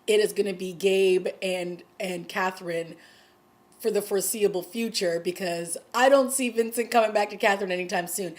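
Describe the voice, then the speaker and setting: A woman giving a casual recap of a TV episode, talking in a chatty way full of "like" and "you know" and getting excited at dramatic moments. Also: mid-range voice. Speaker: TV show recapper.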